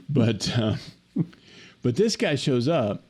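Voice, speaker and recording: Animated man telling a funny story. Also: mid-range voice, drawn-out words, husky. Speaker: podcast co-host. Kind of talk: casual chat, storytelling. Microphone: remote call.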